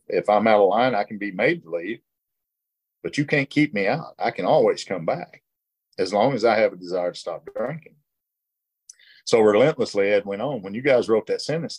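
A man's voice: on the low side, slightly rough. A middle-aged man leading a recovery workshop, reading passages aloud and sharing his own story in an earnest, plainspoken way. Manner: earnest, plainspoken, with short laughs. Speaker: workshop leader.

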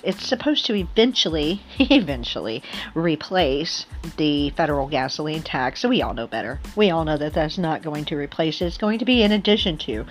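A woman giving a casual political monologue, sarcastic and laughing often. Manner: sarcastic, laughs often, mocks opponents in high put-on voices. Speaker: political commentator.

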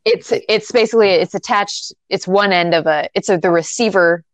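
A woman's voice: mid-range voice, normal speed, no echo. A woman co-hosting a casual podcast, recapping a movie in a rambling, profane, sardonic way. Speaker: podcast co-host. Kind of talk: casual film recap chat.

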